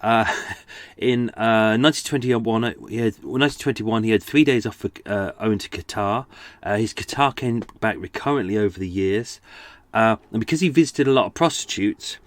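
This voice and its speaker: Chatty man, low voice. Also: normal speed, dry recording. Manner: chatty, jokey, rambling asides. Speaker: true-crime podcast host. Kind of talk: casual chat.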